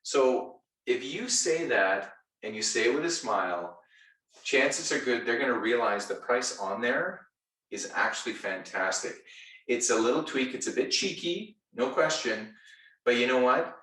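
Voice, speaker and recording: A man giving an energetic retail sales training talk, enthusiastic, playful and direct with his audience. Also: mid-range voice, measured pace, far from the mic. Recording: echoey room, voice set back.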